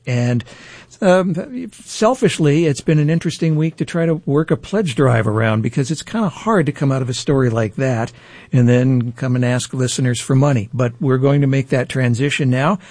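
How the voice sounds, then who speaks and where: A man's voice: mid-range voice, a little mellow, dry recording. A man hosting a morning public radio show, chatting loosely through a pledge drive with restarts and fillers. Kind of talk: pledge drive on-air chat. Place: radio studio. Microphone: studio microphone.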